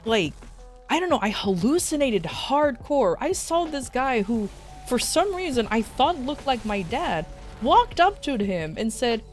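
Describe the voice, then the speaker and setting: A young woman streamer telling stories in a loose, animated way. She laughs often and fills her talk with "like". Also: on the high side, measured pace. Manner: animated, laughing, many fillers. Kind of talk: casual storytelling to a live chat. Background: faint background music.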